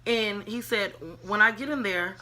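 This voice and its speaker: A woman vlogger telling a casual storytime, animated and chatty, talking straight to her viewers and dropping to whispers when she quotes herself. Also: mid-range voice, normal speed. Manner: profane, chatty, addresses viewers as y'all.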